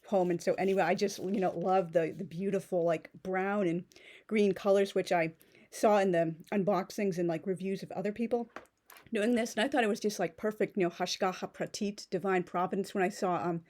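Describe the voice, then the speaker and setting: A woman's voice: medium pitch, fairly even intonation, brisk, a little mellow. A woman in her thirties chatting casually through an unboxing, rambling with many fillers and restarts. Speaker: pen vlogger.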